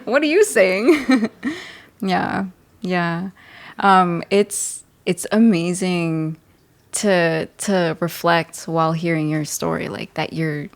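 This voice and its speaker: A young woman moderating a casual panel discussion, telling stories with lively acted-out quotes. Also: takes it slowly, smooth. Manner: animated storyteller, acts out quotes in a high voice.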